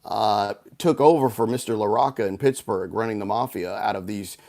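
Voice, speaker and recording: A man's voice: on the low side, moderate pace, creaky, darkish tone. A man from Houston, a guest author, telling a long story over a video call, rambling with frequent restarts and fillers. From Houston, United States. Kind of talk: casual storytelling interview.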